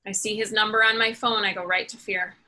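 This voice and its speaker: A woman practitioner calmly guiding a tapping session, feeding phrases for her client to repeat. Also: mid-range voice, brisk.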